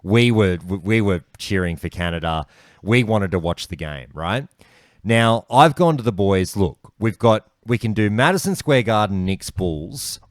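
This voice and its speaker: An Australian man hosting a podcast, telling stories in animated casual chat with plenty of swearing. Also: fairly low pitch, clean tone, no echo, studio quality. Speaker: podcast host.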